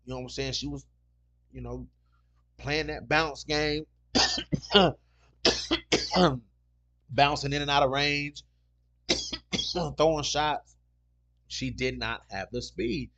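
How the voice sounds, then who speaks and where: A man's voice: a little high, slow, pauses often, pushed and bright. A man hosting a casual talk show, rambling and repeating himself as he tells stories and reads comments. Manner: rambling, repeats "you know what I'm saying". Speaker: podcast host. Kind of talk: casual solo chat reading comments.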